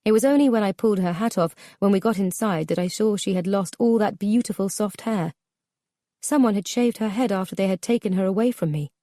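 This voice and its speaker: A woman narrating a memoir audiobook in a measured, subdued, somber way. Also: medium pitch, mellow, no room sound, studio quality.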